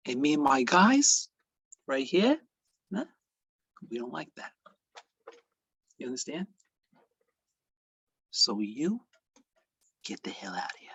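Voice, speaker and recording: A man putting on a threatening mafia gangster voice, with hoarse, whispered threats. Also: medium pitch, dry recording, exaggerated voice.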